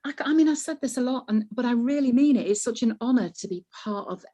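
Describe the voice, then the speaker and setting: A woman's voice: on the high side, quick pace. A woman with a Northern English Manchester accent, chatting as an interview guest, laughing often as she tells stories. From north of England. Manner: warm, laughs often, animated storytelling. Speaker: voiceover artist, guest. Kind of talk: casual interview chat.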